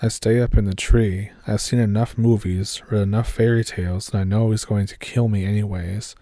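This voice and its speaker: A man telling a scary woods story in a steady, measured way. His voice is low and mellow, and the recording is dry and close-miked with no room sound. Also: dry recording. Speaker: narrator. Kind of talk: horror story narration.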